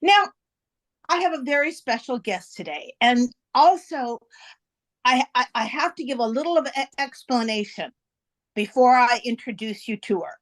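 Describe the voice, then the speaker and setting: A woman's voice: fairly high pitch, expressive, normal speed. A woman hosting her own podcast, chatty and laughing often as she tells a story, with frequent restarts. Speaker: podcast host. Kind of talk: casual podcast introduction.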